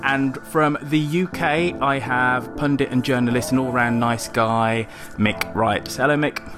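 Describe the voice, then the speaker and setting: A man in his forties hosting a podcast from his bedroom, chatty and quick to laugh. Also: medium pitch, fairly even intonation, music in the background. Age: 40s. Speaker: podcast host. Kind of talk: casual podcast chat. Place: bedroom home studio.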